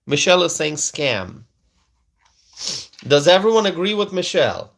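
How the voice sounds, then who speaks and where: A man's voice: a little high, sing-song, creaky, fairly bright tone. A man hosting a casual political livestream, reading viewer comments aloud, emphatic and repetitive, often asking his audience questions. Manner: slow, emphatic, repeats phrases and asks the audience questions.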